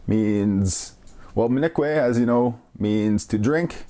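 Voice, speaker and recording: A man with a mellow, warm voice at an ordinary middle pitch hosts a relaxed radio language lesson. He explains slowly and says each phrase over with care, keeping an informal, self-deprecating tone. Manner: explains slowly, repeats phrases carefully, light laughs.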